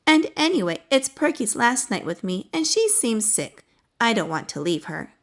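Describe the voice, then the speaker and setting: A woman's voice: a little high, very animated, moderate pace. A woman reading the lines of an earnest, caring young boy aardvark in a children's storybook. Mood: worried.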